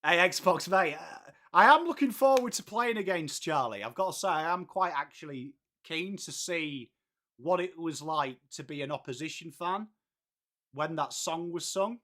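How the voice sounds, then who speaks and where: A late-thirties Englishman runs a casual live stream, calling everybody mate and greeting viewers by name. His voice is on the high side, expressive and bright with a forceful tone, delivered at a normal speed.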